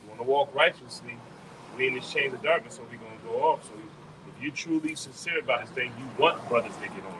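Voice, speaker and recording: A man's voice: medium pitch, quick pace, noisy background. A man preaching in a group outdoors, earnest, repeating phrases for emphasis. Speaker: member of the group.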